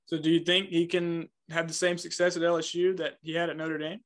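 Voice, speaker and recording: A man's voice: on the high side, little pitch movement, a little fast, a bit bright. A young man hosting a casual interview, asking questions hesitantly with many fillers. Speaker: podcast host.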